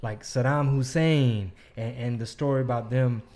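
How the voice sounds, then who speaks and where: A man hosting a casual podcast chat, relaxed and swearing, with quick backchannel replies. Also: mid-range voice.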